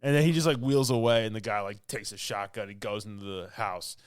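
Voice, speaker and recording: This podcast co-host has a fairly low, fairly quick voice, captured in studio quality with no room sound. He rambles through a casual movie recap full of fillers, laughing frequently.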